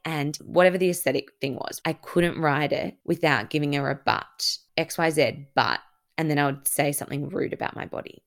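A woman's voice: low-pitched, vocal fry, fairly bright tone. A young woman hosting her own podcast, telling a personal story in a candid, chatty way, full of fillers and casual swearing. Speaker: podcast host.

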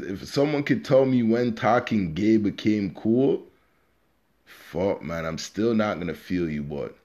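A man's voice: low-pitched, lo-fi sound. A man hosting a podcast in a casual, slangy and profane unscripted monologue, speaking straight to his listeners. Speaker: podcast host.

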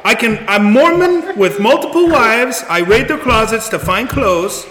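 A man's voice: very high-pitched, animated, a little slow, fairly bright tone, exaggerated voice. A man playing a boastful, tough German man applying to be a drag queen, with a goofy fake German accent. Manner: goofy, laughing through the bit. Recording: echoey room with long reverb and noise.

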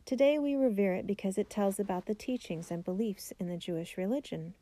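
A woman's voice: mid-range voice, brisk, mellow, natural voice. A woman voicing a learned, devout elderly rabbi uncle in a storybook biography, her reading solemn and earnest.

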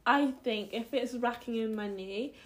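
A young woman co-hosting a podcast in casual chat, blunt and frank with quick interjections. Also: on the high side. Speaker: podcast co-host.

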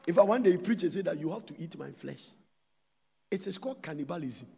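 A man preaching a sermon, emphatic and loud, switching between shouts and soft asides. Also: on the high side, lively intonation, a little fast, creaky, breathy edge, big-room sound.

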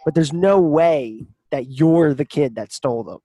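A man's voice: a little high, a little slow, dark tone, no echo, clean studio sound. A man voicing a stammering captured mercenary. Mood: panicked. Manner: stammering, panicked disbelief. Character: captured male mercenary, scared and rattled.

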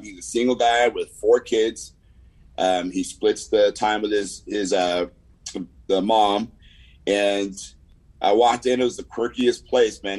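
A man's voice: fairly low pitch, darkish tone, poor audio. A man from California's San Fernando Valley with a Southern Californian accent, giving a rambling, laid-back sales update on a video call, full of fillers and "man". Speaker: insurance agent giving a weekly report.

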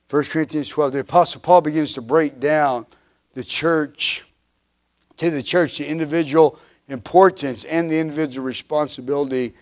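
Fervent and a little high-voiced, a male pastor in his fifties gives a sermon built on emphatic, recurring refrains. He grows loud, then quiet, and his delivery is peppered with restarts and uhs.

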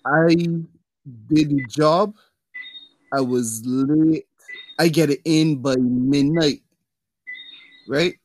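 A young man tells stories on a casual podcast. His delivery is animated, and his voice leaps upward whenever he quotes someone. The recording is dry and close. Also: extremely slow, long pauses, no room sound, rough recording. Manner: animated storyteller, voice jumps high when acting out quotes. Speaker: podcast co-host. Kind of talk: casual storytelling chat.

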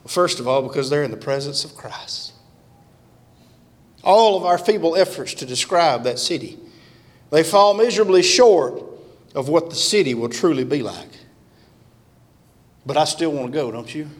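A man's voice: a little high, expressive, moderate pace, pauses often. A man preaching a revival sermon in a church, fervent and emphatic. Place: church sanctuary. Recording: long church-hall reverb.

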